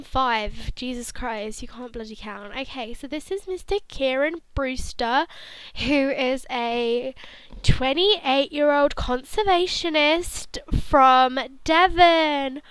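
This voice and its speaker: A woman's voice: sits high, fairly bright tone, dry recording, low-quality recording. A young woman commentating on a life-sim game in a sarcastic, playful, mock-blunt way. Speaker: gaming channel host.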